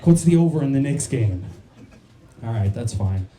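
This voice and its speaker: A man's voice: mid-range voice, lively intonation, moderate pace, dark tone, echoey room, a little hiss or hum. Crude self-mocking man doing stand-up. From New Jersey. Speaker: stand-up comedian. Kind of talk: stand-up set. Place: comedy club stage.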